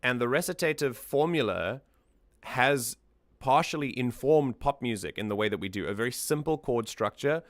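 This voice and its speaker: A man's voice: medium pitch, animated, normal speed, no echo. A man hosting a music analysis stream, talking things through in a thoughtful, casual way and often repeating words as he thinks.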